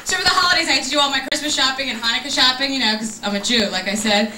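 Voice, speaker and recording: Brash young woman doing stand-up, high voice. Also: racing, bright, forceful tone, slight background noise. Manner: brash, profane, self-mocking. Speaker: stand-up comedian. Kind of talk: stand-up comedy set. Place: small comedy venue. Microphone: camcorder from the audience. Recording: echoey room taped from far off.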